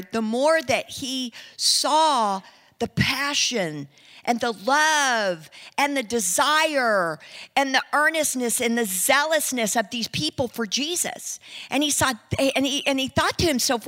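A woman preaching, telling a story in an animated way and acting out the people in it. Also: a little high, unhurried. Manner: animated, acts out quoted speech. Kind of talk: sermon storytelling. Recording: long reverb in a hall.

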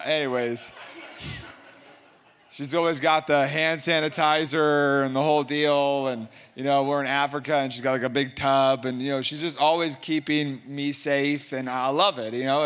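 Rambling male storyteller, slightly high voice. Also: a bit bright, clean tone, big-room sound. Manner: rambling storyteller, many fillers and restarts. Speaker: Christian minister telling a testimony. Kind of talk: casual spoken testimony.

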